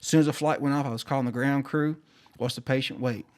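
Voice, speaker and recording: A man tells a story on a podcast in a loose, casual way. His voice sits at an ordinary middle pitch. He keeps slipping into the voices of the people in his story. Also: fast talker. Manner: animated, acts out quoted dialogue.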